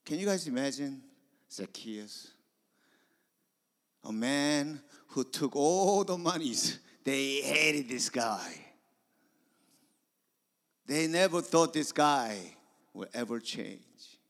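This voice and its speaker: A man preaching a sermon, telling stories that swing from hushed whispers to loud emphasis. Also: mid-range voice, lively intonation, slow, pauses often. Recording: long hall reverb.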